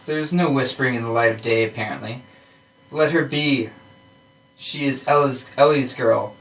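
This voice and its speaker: A man reading a short story aloud on a podcast, steady and plain, with some restarts and fillers. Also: medium pitch, far from the mic, rough recording.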